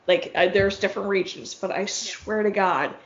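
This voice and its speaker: A woman's voice: medium pitch, moderate pace, muffled recording. A woman hosting a podcast, telling a story in a casual, rambling way with plenty of fillers and frank swearing. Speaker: podcast host.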